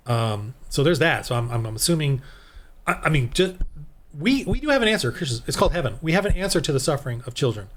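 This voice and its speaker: A man's voice: fairly high pitch, big pitch swings, quick pace, fairly bright tone. A man from the United States giving a rambling, heated, preachy commentary monologue as a Christian video host.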